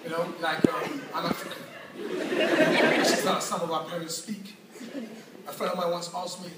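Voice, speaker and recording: A man's voice: on the high side, steady tone, moderate pace, pauses often, very noisy. Male stand-up comic, playful repeated punchlines, echoey big room, roaring crowd. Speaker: stand-up comedian. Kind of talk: live stand-up comedy. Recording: live venue, distant mic, loud crowd.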